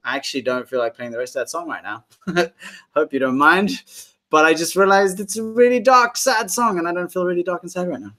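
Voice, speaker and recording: A man's voice: high voice, brisk, fairly bright tone, faint music behind. A man hosting a casual musician's livestream, chatting in a rambling way and reading out viewer comments. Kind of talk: casual live-stream chat.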